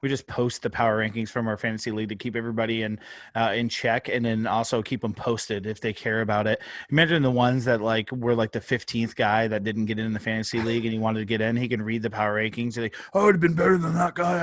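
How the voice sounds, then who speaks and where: A man's voice: lowish voice, level tone, fast talker, no room sound, studio quality. A man co-hosting a casual sports podcast, rambling and joking, swearing freely. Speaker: podcast co-host. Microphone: phone held up, on video.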